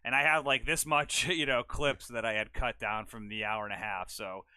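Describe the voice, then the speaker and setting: A man hosting a casual talk show, chatting in an animated, rambling way with quick asides. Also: medium pitch, dry recording. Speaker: show host. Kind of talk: casual chat.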